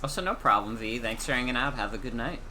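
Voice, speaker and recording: A man's voice: mid-range voice, animated, quick pace, bright, forceful tone, a little hiss or hum. A man streaming a video game, chatting casually and rambling with lots of fillers. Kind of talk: casual gaming stream chat.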